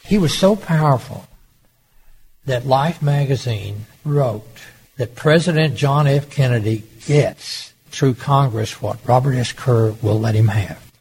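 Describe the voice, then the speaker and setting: A man's voice: mid-range voice, a little slow, a little mellow, a little hiss or hum, rough recording. An older man from Oklahoma, a former governor, telling stories in an interview and acting out the dialogue he quotes. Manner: anecdotal, acts out quoted dialogue. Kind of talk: storytelling interview.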